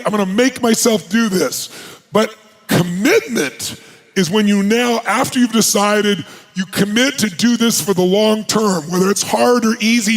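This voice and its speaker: A high-pitched man leads an energetic live motivational seminar on stage before a large audience. He fires rhetorical questions at the crowd and at times shouts to rouse them.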